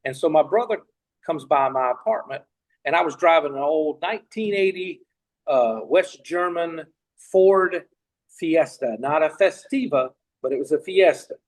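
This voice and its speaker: With an expressive, somewhat high voice and an unhurried pace, a middle-aged Tennessean tells a long anecdote as a podcast guest. His casual storytelling rambles, with plenty of restarts and asides, on a low-quality recording.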